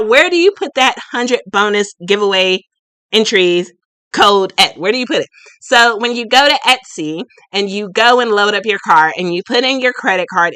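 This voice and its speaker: A chatty woman in her late thirties hosts a casual live stream. Her voice is bright and forceful, set at a middle pitch. The sound is close and dry, and she is goofy and quick to laugh. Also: no room sound. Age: late 30s. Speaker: livestream host and shop owner.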